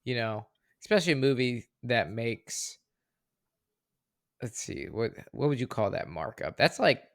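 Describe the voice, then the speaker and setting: A man's voice: mid-range voice, sing-song, measured pace, fairly bright tone, dry recording, studio quality. A man co-hosting a podcast in a laid-back, joking way, chatting casually about films. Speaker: podcast co-host. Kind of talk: casual chat.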